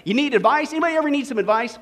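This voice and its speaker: A man's voice: very high voice, lively intonation, racing, a bit bright. A male pastor preaching a sermon in a jokey way, talking with his audience and checking in with "right?" and "okay?".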